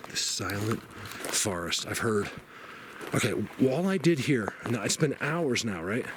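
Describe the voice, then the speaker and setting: A man vlogging while hiking in a forest, out of breath, rambling and excitable, sometimes dropping to a whisper. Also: on the low side, a little slow, noisy background. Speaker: outdoor vlogger searching for Bigfoot. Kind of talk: casual walking vlog to camera. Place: forest outdoors.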